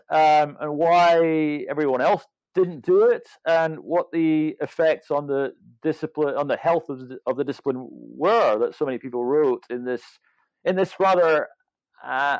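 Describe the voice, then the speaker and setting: In a dull, dry lo-fi recording, a man of fifty or older speaks with a fairly high, slightly mellow voice. He's an author and legal scholar appearing as an interview guest, thinking carefully and often hesitating or beginning his sentences again.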